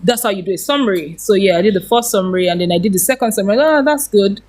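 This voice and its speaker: Woman, thirties, interview guest, lively storyteller who laughs easily. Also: mid-range voice, rapid-fire. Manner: animated, laughs often while telling.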